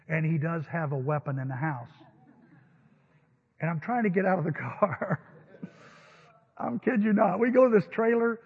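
Male preacher, high and husky, animated storyteller, tinny audio with long hall reverb. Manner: storytelling, acts out both sides of anecdotes. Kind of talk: sermon.

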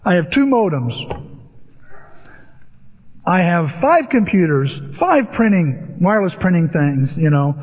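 Animated older man preaching, husky and high. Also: a little slow, pauses often, long reverb tail, highs cut off. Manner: animated storytelling with acted-out voices. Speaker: pastor. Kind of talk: sermon.

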